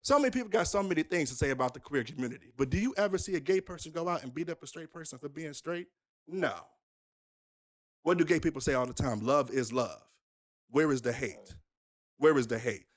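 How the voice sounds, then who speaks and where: Young male minister, interview guest, emphatic storyteller, somewhat high voice. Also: a little fast. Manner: animated, emphatic, rhetorical questions. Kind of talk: candid conversational storytelling.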